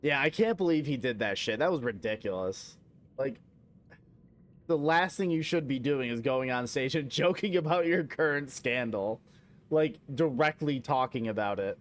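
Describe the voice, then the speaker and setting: This young American streamer chats casually while playing a game, rambling with plenty of profanity and slipping into mock-outraged rants. His medium-pitched voice has lively intonation and a moderate pace.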